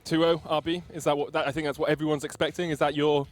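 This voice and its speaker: A man's voice: a little high, little pitch movement, fast. A young man hosting an esports broadcast desk, chatty and jokey, tossing questions to his co-hosts. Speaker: esports caster and desk host. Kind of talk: casual analysis chat on a live esports stream.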